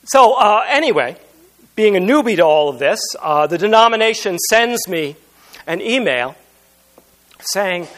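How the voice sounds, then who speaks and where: A man's voice: sits high, expressive, a little slow, pauses often, fairly bright tone. A man preaching a sermon as pastor, telling humorous, self-deprecating stories.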